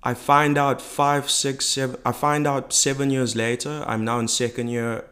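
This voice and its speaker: A young man from South Africa, a podcast guest, telling a personal story in a reflective, halting way with many fillers. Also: mid-range voice, little pitch movement, a bit bright.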